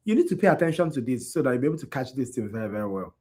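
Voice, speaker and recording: A worn-out man teaches an anatomy class. His voice is husky and his pitch rises and falls a lot. He keeps asking his students whether they follow. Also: very animated, rapid-fire, warm tone. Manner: quizzing students with repeated checks like "you understand?". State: tired. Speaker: anatomy instructor. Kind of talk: classroom lecture.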